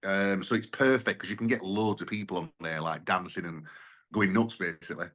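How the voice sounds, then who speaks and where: Enthusiastic man, low voice. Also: brisk, fairly bright tone. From Sheffield, England. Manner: enthusiastic, chatty, tag questions. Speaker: guest, event promoter and musician. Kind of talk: casual radio interview.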